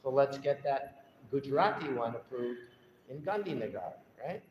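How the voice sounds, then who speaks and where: A man's voice: medium pitch, sing-song, a little hiss or hum. Older man telling a story in a hall. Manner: emotional, halting storytelling. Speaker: guest speaker. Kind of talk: storytelling talk to a temple audience. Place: temple hall. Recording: echoey hall, dull lo-fi sound.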